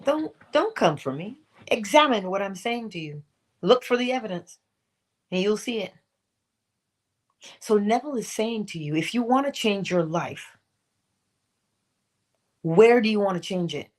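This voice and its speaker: Her voice is mid-range and expressive, a little slow, with long pauses. She is a middle-aged woman giving a motivational talk on a morning inspirational livestream, posing pointed questions and adding playful asides to herself.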